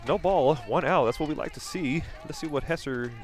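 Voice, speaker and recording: A man doing color commentary on a live softball game outdoors, teasing his partner and laughing often. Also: a little high, a little fast.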